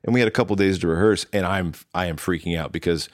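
A man's voice: low voice, quick pace, no echo, studio quality. A man, a drummer and guest, telling a rambling story in casual conversation and acting out what people said to him. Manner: rambling, acts out quoted dialogue with restarts.

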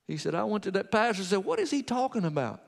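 Male preacher, high tenor, telling a testimony then exhorting; long hall reverb. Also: very animated, fast talker, creaky. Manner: storytelling, quoting a convert's testimony. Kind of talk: sermon.

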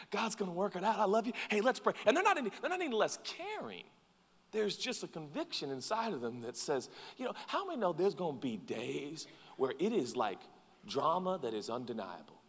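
A man preaching a sermon, animated, dropping to quiet asides and rising to loud acted-out quotes. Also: on the high side, husky. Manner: animated, acts out quoted voices, swings from soft to loud. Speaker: pastor. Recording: long reverb from a large hall.

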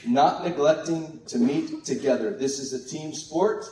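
Animated preacher in an echoey hall. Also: male voice, fairly high pitch, a little slow, a little hiss or hum. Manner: animated, exuberant preaching with acted quotes. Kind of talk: sermon. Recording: echoey room from far off.

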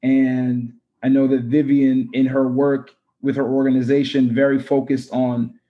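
A man's voice: medium pitch, little pitch movement, a little slow, phone-quality sound. A man speaking as a podcast guest in an earnest, rambling way with many fillers. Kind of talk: casual interview talk.

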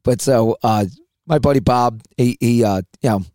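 A middle-aged man spinning loose bar anecdotes, breaking into laughter as he goes. His voice sits at an ordinary pitch and comes across close and dry, with no room sound. He backs up and restarts as he talks. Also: normal speed, mellow, no echo. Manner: laughs through his own stories, rambling restarts. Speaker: podcast co-host. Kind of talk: casual storytelling chat.

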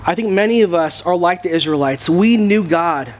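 A young man preaching to his congregation with a noticeably high voice. He talks the sermon through like a conversation and often restarts his phrases. It sounds like a church service. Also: expressive, moderate pace. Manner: conversational preaching with frequent repeated words. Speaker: pastor. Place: church sanctuary.

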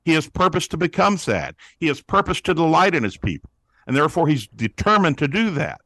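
Male guest, teaching-preacher delivery, animated quotes, dry close mic. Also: on the high side, brisk, no room sound. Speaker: guest, pastor-author on prayer. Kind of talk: teaching interview answer.

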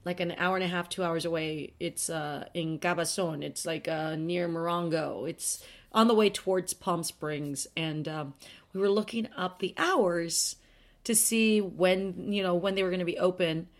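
A woman's voice: lowish voice, unhurried. A woman hosting a podcast, talking in a chatty, rambling, self-deprecating way. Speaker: podcast host. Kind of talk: casual chat monologue.

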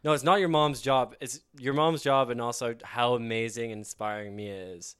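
A young man co-hosting a podcast, talking in halting casual chat full of fillers. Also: mid-range voice, fairly even intonation, a bit bright, clean tone.

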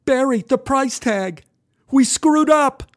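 A frantic fifteen-year-old boy yelps and frets in a shrill, panicky rush, as a grown man puts him on. The voice jumps far above a grown man's range and stays strained and loud. It is heard in a spoken story. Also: lively intonation, slow, no echo, clean studio sound, exaggerated voice. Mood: panicked.

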